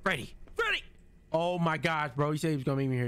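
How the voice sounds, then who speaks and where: A young man giving casual gameplay commentary, jumpy and loud, repeating exclamations and slang as he plays. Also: a little high, quick pace, clean tone. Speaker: gaming streamer.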